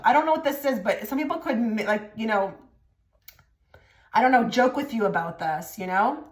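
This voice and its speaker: A woman's voice: on the high side, fairly quick. A woman giving a casual tarot reading to camera, direct and blunt, with many filler likes. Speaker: tarot reader. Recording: echoey room.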